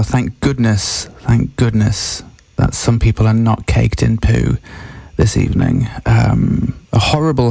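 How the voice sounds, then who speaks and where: A man hosting a comic mock radio broadcast, deadpan and rambling with many fillers. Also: on the low side, creaky, dry recording. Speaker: radio host.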